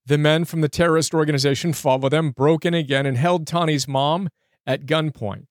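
A man's voice: a little high, steady tone, brisk, no echo, studio quality. A man hosting a show that reads from and reviews a book, speaking in an earnest, sincere way. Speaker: book summary host. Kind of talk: reading aloud and reviewing a book.

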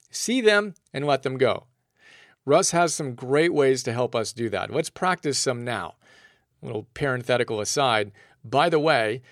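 Guy reading a self-help lesson, playful and upbeat, kinda high-pitched, dry mic. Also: dry recording. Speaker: book summary narrator. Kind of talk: scripted self-help narration.

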